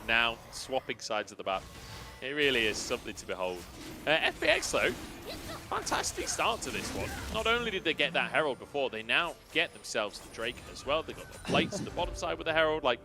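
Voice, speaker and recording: A man casting a live esports match, giving analysis with lively, laughing banter. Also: mid-range voice, brisk, music in the background. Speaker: esports caster. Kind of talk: live color commentary.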